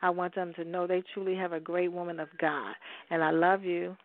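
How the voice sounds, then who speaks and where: A woman's voice: on the low side, flat delivery, brisk. A middle-aged woman calling in on the phone, giving heartfelt, repetitive, preacher-like encouragement. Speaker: caller. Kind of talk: heartfelt call-in testimony. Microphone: telephone. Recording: dry tinny phone line.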